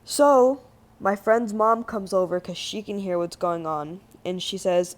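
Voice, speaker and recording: A man's voice: high voice, unhurried. A man recounting a story in a loose, casual way, peppered with slang and curse words. He piles on fillers and plays things up with big exaggerations. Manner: slangy, swears freely, lots of "like"; animated, exaggerated retelling. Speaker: gaming channel host.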